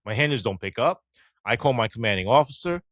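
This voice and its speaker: A middle-aged man, a former police officer telling stories in an interview, animated and swearing casually as he acts out the dialogue. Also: medium pitch, quick pace, dry recording. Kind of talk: storytelling interview.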